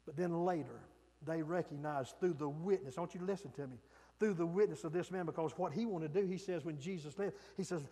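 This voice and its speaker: A man preaching a sermon, swinging from loud emphatic peaks to soft hushed lines. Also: on the high side, fast, husky, long reverb tail.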